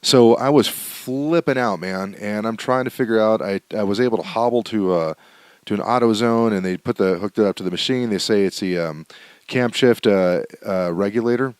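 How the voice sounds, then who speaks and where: A man with a fairly low, smooth voice and moderate pace hosts a podcast from home, with no room sound. In a casual monologue he tells a candid, rambling story packed with fillers and restarts, while his home setup is still being adjusted for sound.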